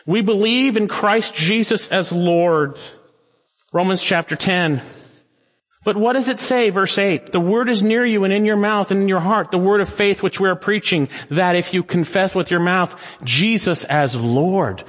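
A pastor preaching a sermon, swinging between raised urgency and hushed pleading, reading scripture slowly and solemnly. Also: male voice, high voice. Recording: long hall reverb.

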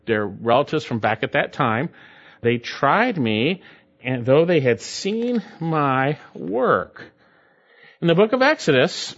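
A man's voice: on the high side, a bit bright, muffled recording. A pastor preaching an emphatic sermon, his voice climbing when he stresses a point.

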